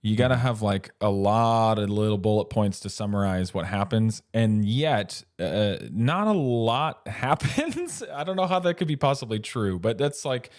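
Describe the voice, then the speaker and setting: A man with a fairly low voice co-hosts a casual film talk show. He wanders through the story with restarts and little chuckles. His voice is recorded dry and close. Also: lively intonation, a little slow, few pauses, no echo. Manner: rambling, self-interrupting, chuckling asides. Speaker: podcast co-host.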